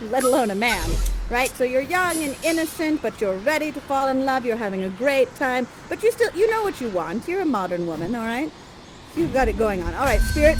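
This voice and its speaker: A woman's voice: fairly high pitch, a little hiss or hum, poor audio. A woman performing interactive live theater, guiding the audience through the scenes in a playful, theatrical, encouraging way.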